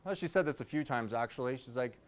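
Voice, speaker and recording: A man's voice: medium pitch, expressive, quick pace, background noise. A man in his thirties doing a stand-up set, telling loose, rambling stories with self-mocking asides. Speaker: stand-up comedian.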